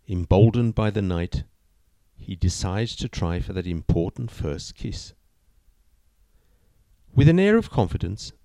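A man narrating a joke in a slow, deliberate storytelling manner. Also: sits low, creaky, mellow, dry recording. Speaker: joke teller.

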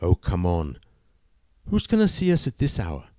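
A man's voice: low voice, huge pitch swings, normal speed, warm tone, no room sound, clean studio sound. A man voicing a young man who begs his date for a good night kiss, in a spoken joke. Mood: coaxing. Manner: wheedling, begging.

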